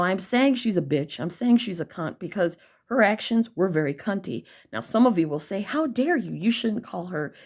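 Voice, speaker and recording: A young woman telling an angry personal story to her viewers, blunt, heated and full of swearing. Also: fairly low pitch. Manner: blunt, profane and heated, addressing viewers directly. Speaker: vlogger.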